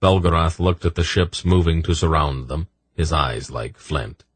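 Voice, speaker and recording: A man narrating a fantasy audiobook in a measured storytelling manner. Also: extremely low pitch, slightly rough, no room sound. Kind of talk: scripted narration.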